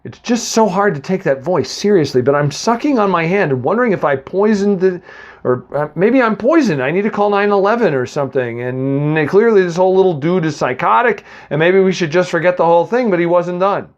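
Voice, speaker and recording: A man from the Boston area reads a comic first-person story, wandering off into asides to the listener. His voice sits slightly high and moves up and down a lot. The recording sounds dull and lo-fi. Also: lively intonation, a little fast. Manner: rambling, chatty, full of asides to the listener.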